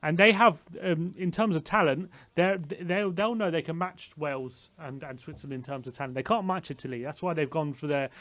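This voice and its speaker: A man's voice: fairly high pitch, fairly quick, few pauses, a bit bright. An English man co-hosting a live football watchalong, chatting casually and stressing his points with repetition. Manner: confident, emphatic, repeats his points. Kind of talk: casual football chat and commentary.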